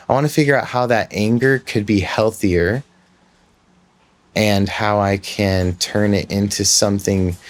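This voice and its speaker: Male podcast host, lowish voice, casual and self-reflective storyteller. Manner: candid, rambling, self-reflective.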